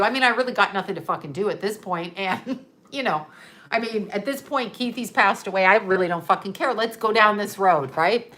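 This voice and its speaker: A woman's voice: mid-range voice, expressive, moderate pace, sharp tone. A middle-aged woman telling a story in a casual, blunt and sarcastic way, swearing freely and laughing often. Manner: ranting, profane, laughs often.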